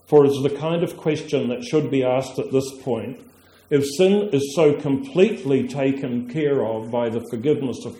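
Male preacher, sermon, slow delivery, earnest, restarts phrases, echoey room. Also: medium pitch, mellow. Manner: earnest, with frequent restarts and emphatic drawn-out phrases.

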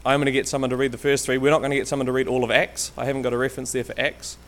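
Racing along in a mid-range voice with little pitch movement, the man gives a halting, informal church talk with many ums and restarts. He's a guest lay preacher from Canterbury, New Zealand. He speaks on a stage microphone, at times walking away from it.

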